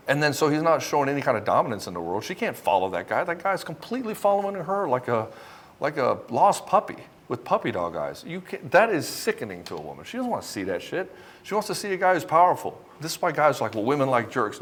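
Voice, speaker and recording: A man coaching other men on relationships, talking straight to the camera in a blunt, confrontational way, swearing often and mimicking the men he criticizes. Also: fairly high pitch. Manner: mocks men by mimicking them. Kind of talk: direct-to-camera coaching talk.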